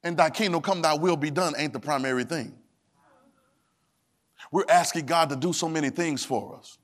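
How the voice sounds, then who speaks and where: A man preaching in a sermon, his voice pitched high for a man. He pulls the congregation in with call and response and drops into loose, casual church talk. His delivery swings from low asides to shouted, sung lines. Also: normal speed. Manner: Southern Black church vernacular, drops verbs. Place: church sanctuary.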